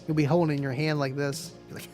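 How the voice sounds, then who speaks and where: This live-stream host talks very fast in a fairly high, darkish voice with flat delivery while faint music plays behind him. Laid-back and chatty, he laughs a lot and addresses viewers as "man" and "dude."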